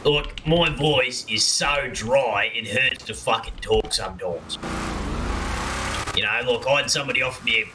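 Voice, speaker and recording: A man's voice: mid-range voice, normal speed, close to an everyday voice. Guy playing a crude aussie party bloke, swears every line, noisy game chat. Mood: rowdy. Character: crude bearded bloke, rowdy partier. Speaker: roleplay character. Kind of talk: improvised game roleplay. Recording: game chat with strong background noise.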